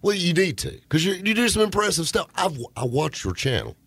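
A man hosting a car radio show in a studio, joking and bantering loudly with guests. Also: high-pitched, a little fast, slightly rough, dry recording. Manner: joking, boisterous, lively banter. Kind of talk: casual studio radio chat.

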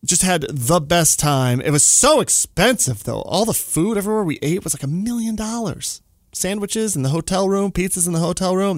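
A man's voice: no echo, clean studio sound. A man hosting a casual solo podcast, telling a trip story and ranting, with big jumps in his voice. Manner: animated, exaggerated jumps in pitch when ranting. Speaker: podcast host.

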